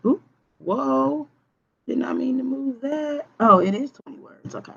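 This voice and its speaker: A woman's voice: high voice, unhurried, vocal fry, slightly rough. Teacher woman with a slightly dull sound. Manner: patient, checks understanding with frequent "okay?"; hums to herself while typing on screen. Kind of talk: recorded online grammar lesson.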